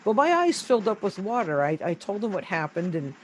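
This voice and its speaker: Picture a woman guest on a video call recounting a strange personal experience. She speaks casually and haltingly, stumbling and repeating words as she gathers her thoughts. The sound comes through a home computer mic. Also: mid-range voice, very animated, slight background noise, low-quality recording. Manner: hesitant, halting, repeats words when searching. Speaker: interview guest. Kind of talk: casual first-person storytelling.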